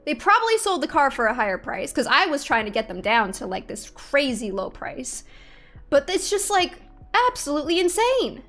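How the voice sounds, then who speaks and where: High-voiced young woman venting to her stream. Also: very animated, moderate pace, fairly bright tone, soft background music. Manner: exasperated venting, swears freely, laughs in disbelief. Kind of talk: casual chat to stream viewers.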